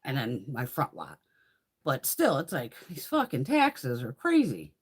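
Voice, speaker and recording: A husky-voiced woman rambles through a live beauty room tour. She curses bluntly at every turn and often breaks into laughter, and her pitch swings widely as she talks. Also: unhurried. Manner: swears constantly, blunt and animated; laughs often while talking. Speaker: beauty vlogger hosting a live stream. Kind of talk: casual chat during a live room tour.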